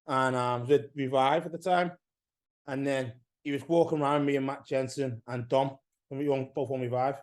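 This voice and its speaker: A man with an English accent, a podcast guest who tells stories loudly, swearing freely in casual chat. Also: medium pitch, steady tone, normal speed. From England.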